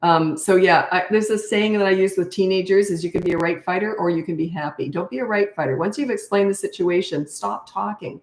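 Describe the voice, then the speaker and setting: Low-voiced older woman giving blunt advice. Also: brisk, hardly any pauses. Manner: direct, matter-of-fact advice, acts out kids in high voices. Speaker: parenting coach. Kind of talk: live Q&A answering viewer questions. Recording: echoey room.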